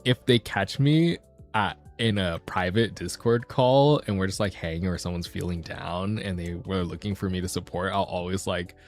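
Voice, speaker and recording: A man streaming as a VTuber, talking in a casual, rambling and animated way. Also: low-pitched, moderate pace, soft background music. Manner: animated, rambling, self-deprecating.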